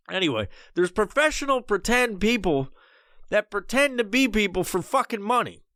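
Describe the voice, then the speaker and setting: A man's voice: high voice, moderate pace, dry recording, clean studio sound. A man hosting a podcast, ranting casually with lots of swearing and rambling restarts. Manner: profane, rambling, animated. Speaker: podcast host.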